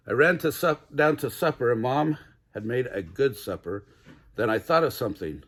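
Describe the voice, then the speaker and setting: A man's voice: mid-range voice, expressive, normal speed, fairly bright tone. Grandfatherly man reading a picture book aloud. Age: older. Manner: chuckles while reading. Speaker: storybook reader. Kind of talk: children's book read-aloud.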